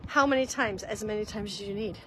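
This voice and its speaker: A woman's voice: mid-range voice, fairly quick, slight background noise, low-quality recording. A woman hosting a faith-based walk-and-talk, teaching in an earnest, conversational way while walking outdoors. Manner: earnest and conversational, addresses listeners as guys. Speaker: host giving spiritual guidance.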